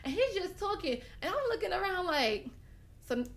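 High-voiced animated New woman. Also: fairly quick, vocal fry, a little hiss or hum. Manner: animated, swears freely, acts out quotes. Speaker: podcast host. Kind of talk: casual podcast chat, storytelling.

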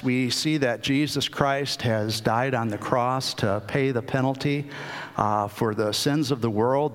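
Male preacher, unhurried and halting, mid-range voice, long hall reverb. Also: medium pitch. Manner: unhurried, many fillers and restarts. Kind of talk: sermon.

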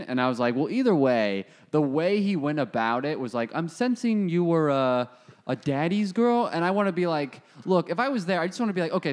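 A young man in casual podcast chat, riffing sarcastically and joking as he tells a family story. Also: mid-range voice.

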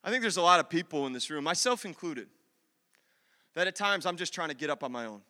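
A man preaching to a room, telling an animated personal story and acting out the voices of the people in it. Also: on the high side, fast talker. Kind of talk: storytelling sermon. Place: large hall with an audience. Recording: long hall reverb.

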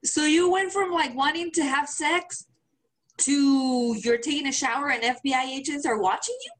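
Higher-voiced woman teasing with crude slang. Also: normal speed. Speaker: podcast co-host. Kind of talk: casual chat.

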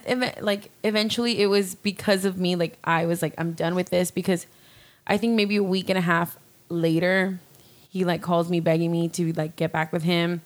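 A young woman in casual chat, telling a personal story candidly with lots of fillers and restarts. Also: on the low side. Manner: candid, rambling, fillers and swearing.

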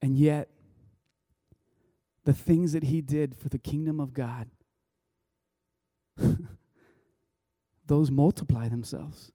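Conversational pastor with a mellow, dry voice. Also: male voice, on the high side, steady tone, takes it slowly, pauses often, no room sound. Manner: conversational, full of restarts and "like". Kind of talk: sermon storytelling.

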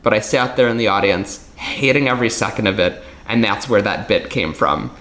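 A man's voice: fairly low pitch, normal speed, a bit bright. A man who works as a magician, telling stories in a casual podcast conversation, candid, laughing often and swearing now and then. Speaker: magician guest.

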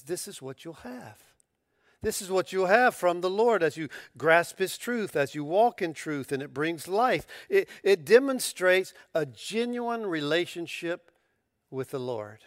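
A male pastor preaching with emphatic, animated energy, his voice sitting a little high for a man. He restarts phrases as he presses his points, and the recording is close and dry with no room sound. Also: dry recording. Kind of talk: sermon.

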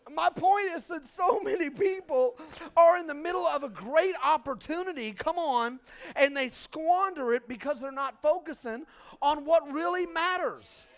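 A man preaching a sermon to a congregation, joking and urging the crowd with "come on, somebody", swinging between loud bursts and quiet asides. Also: extremely high pitch, normal speed. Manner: humorous, call-and-response urging "come on somebody". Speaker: pastor. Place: church before a congregation.

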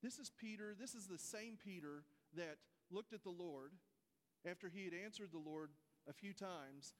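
A man's voice: high-pitched, normal speed, in a large hall. A man preaching a folksy sermon, speaking straight to his congregation. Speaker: pastor. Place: church sanctuary.

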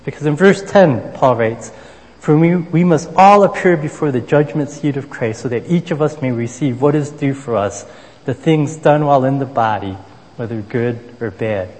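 A man preaching a sermon in a relaxed, conversational manner, filling pauses with "you know" as he moves between scripture and everyday stories. His mid-range voice carries a long reverb tail, as if he is speaking in a large hall. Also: medium pitch. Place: Boston area.

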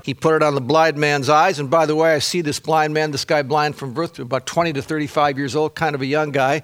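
A man preaching a sermon in an animated storytelling way, acting out the voices in the scripture and repeating words for emphasis. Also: fairly high pitch. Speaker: pastor.

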